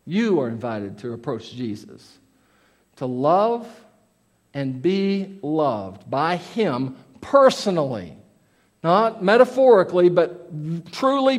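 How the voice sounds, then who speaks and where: A man preaching from the pulpit with a high voice. He is earnest and plain-spoken, rising to loud emphasis and then dropping to soft, confiding asides. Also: big pitch swings, slow. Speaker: pastor. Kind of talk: sermon.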